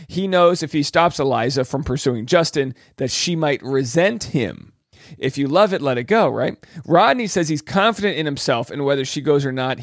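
A man's voice: on the high side, no room sound, studio quality. A man hosting a podcast, recapping a reality show in a casual, joking way, with playful asides and mock voices. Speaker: podcast host.

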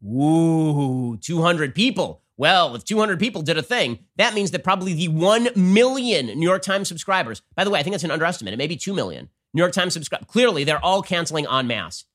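A man hosting a political commentary show, talking in a rapid-fire, sarcastic and combative way. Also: high voice, very animated, a bit bright. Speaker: show host.

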